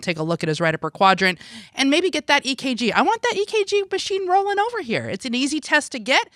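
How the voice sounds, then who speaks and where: ER physician, man, bright crisp voice, dry mic, reasons through the case aloud. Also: high-pitched, dry recording. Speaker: emergency physician. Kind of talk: case discussion podcast.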